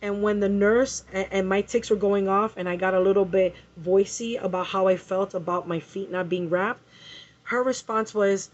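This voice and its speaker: A woman's voice: medium pitch, fairly even intonation, moderate pace. A woman telling an angry story in a vlog, swearing and repeating herself as she vents. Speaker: vlogger. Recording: muffled lo-fi recording.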